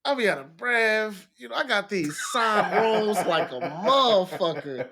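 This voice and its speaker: A man's voice: sits high, animated, a little slow, over a noisy crowd. A man in his early thirties co-hosting a casual podcast, telling stories in a loose, slangy way. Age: 30s. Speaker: co-host.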